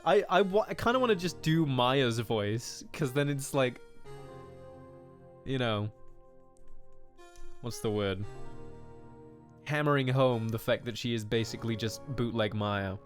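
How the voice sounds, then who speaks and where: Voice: medium pitch, unhurried, long pauses, faint music behind. A streamer chatting crudely and laughing often while playing a story game live. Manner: crude, giggly, self-mocking. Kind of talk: live gaming commentary.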